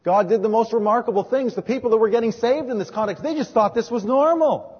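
A man preaching as a pastor, telling stories from his ministry and moving between hushed and emphatic delivery. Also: very high voice, fast talker, few pauses, breathy edge. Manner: storytelling, swings from hushed to emphatic. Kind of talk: sermon with personal testimony. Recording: dull recording in a reverberant hall.

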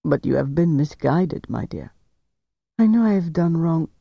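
A man reading aloud, voicing a cool, calculating male officer who questions with gentle persuasion. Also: a little high, animated, unhurried, creaky, dry recording, dull audio, heavily acted. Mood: coaxing.

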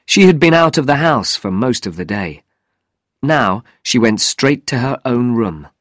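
Slow, lively-toned male narrator for a learner's storybook, dry close sound. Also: mid-range voice, no echo. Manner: slow, clear and deliberate. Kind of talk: scripted narration of a graded reader.

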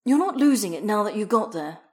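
A woman reading a bossy, sharp-tongued young man. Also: medium pitch, very animated, a little fast, close to an everyday voice. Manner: crisp, bossy, dry. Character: sharp-tongued young male figure skater.

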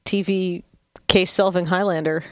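A woman's voice: lowish voice, fairly even intonation, measured pace, dry recording. Wry woman, dry close recording. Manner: wry, dry-witted quips. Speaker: podcast co-host. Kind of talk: casual chat recapping a TV episode.

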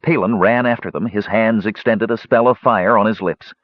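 A man narrating an audiobook with expressive storytelling. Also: lowish voice, normal speed, no echo. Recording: dull lo-fi recording.

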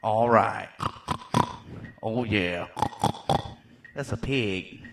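A man's voice: mid-range voice, moderate pace, a little hiss or hum. A man rapping playful, rambling rhymes and chatting on a hot mic during an online jam session. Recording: live mic over loud band with drums. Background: jam band playing, drums.

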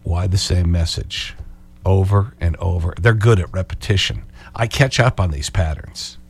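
A man hosting a call-in radio talk show, sarcastic and animated, hammering phrases over and over. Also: deep voice, moderate pace, vocal fry, husky.

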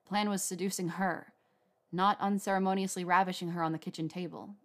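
A woman narrating a story aloud in a measured, even reading. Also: fairly low pitch. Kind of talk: reading fan fiction aloud.

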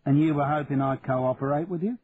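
Casting: man doing a prickly, brash police chief, brusque, slightly raised pitch, tinny lo-fi sound with faint hiss. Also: brisk, natural voice. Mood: gruff.

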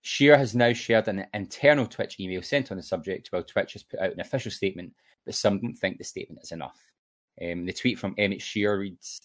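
A man's voice: fairly low pitch, fairly quick. A man co-hosting a podcast, chatting casually and reading news aloud with many fillers. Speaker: podcast co-host.

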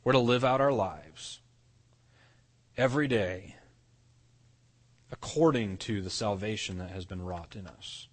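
A man's voice: fairly low pitch, unhurried, long pauses, in a large hall. A man preaching a sermon as pastor, earnest, often restarting and repeating words as he explains. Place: church sanctuary.

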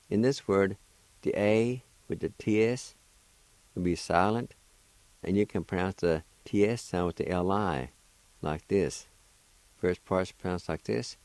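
A deep-voiced man hosts a language lesson, spelling words letter by letter and repeating every syllable slowly and patiently. The sound is close and dry, with no room around it. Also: a little mellow, no echo, poor audio. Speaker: radio host teaching Cherokee words. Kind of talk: slow spelling and pronunciation lesson.

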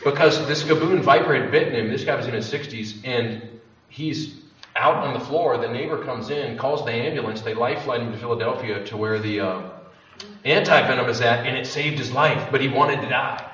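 A man's voice: mid-range voice, fairly quick, fairly bright tone. A young man candidly telling a personal story to a live audience, rambling and swearing freely, often cutting himself off. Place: event room with an audience. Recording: roomy, distant, dull lo-fi room recording with faint noise.

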